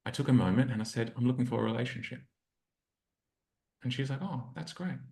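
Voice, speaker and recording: A man's voice: medium pitch, little pitch movement, fast, gravelly, darkish tone. Earnest relationship coach man, roomy sound. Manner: earnest, reflective, acts out inner dialogue in quotes. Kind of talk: storytelling in a podcast interview. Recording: roomy echo.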